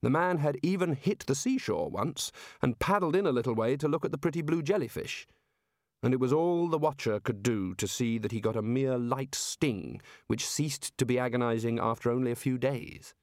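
A man narrating a comic fantasy audiobook with a dry, measured comic delivery. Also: medium pitch, no echo. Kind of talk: scripted narration.

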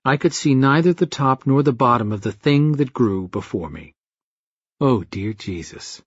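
A man's voice: mid-range voice, expressive, moderate pace, no echo, lo-fi sound. A man reading a first-person horror-comedy story aloud in a wry, vivid storytelling manner. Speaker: audiobook narrator.

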